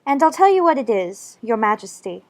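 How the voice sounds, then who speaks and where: A woman's voice: on the high side, big pitch swings, normal speed. A woman voicing Alice, a prim, earnest young girl who likes to argue, in a full-cast audiobook. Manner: earnest, argumentative, slightly prim.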